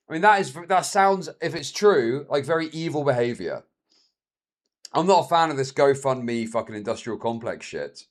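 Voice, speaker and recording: A man streaming, reacting to a video with crude, sarcastic commentary that swings between mutters and loud outbursts. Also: medium pitch, big pitch swings, normal speed.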